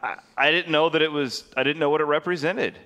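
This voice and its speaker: A man's voice: a little high, fast, pushed and bright, long reverb tail. A man hosting a podcast, chatting casually and telling rambling stories. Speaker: podcast host. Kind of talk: casual chat.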